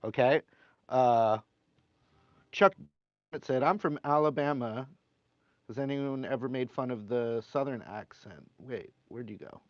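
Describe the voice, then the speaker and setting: A man's voice: mid-range voice, unhurried, long pauses, no echo. Chatty man teaching guitar on a live stream. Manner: chatty, reads viewer comments aloud between playing. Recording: slightly dull sound with guitar playing.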